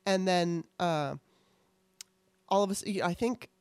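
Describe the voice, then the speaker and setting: A woman's voice: on the low side, slow pace, a little mellow, smooth, dry recording. A middle-aged woman co-hosting a casual chat show, candid and rambling, swearing freely. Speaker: podcast co-host.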